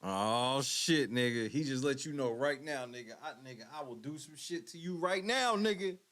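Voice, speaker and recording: A man's voice: medium pitch, expressive, normal speed, background noise. Profane joking male clip commentator. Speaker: show host reacting to clips. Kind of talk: casual commentary over clips.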